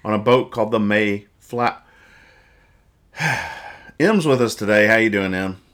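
A male podcast host casually reads comic strips aloud, joking, rambling and explaining each joke. His voice is fairly low and a bit bright, with lively intonation and a slightly slow pace.

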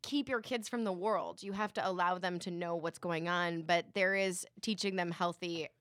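A woman's voice: on the low side, fairly even intonation, normal speed, fairly bright tone, no room sound. A woman in her thirties, a mother, talking casually in a rambling way with frequent laughs and fillers. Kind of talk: casual chat.

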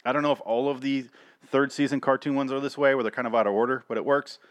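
A man's voice: mid-range voice, fairly even intonation, quick pace, dry recording. A man giving casual, rambling, sarcastic review commentary on cartoon episodes, swearing freely.

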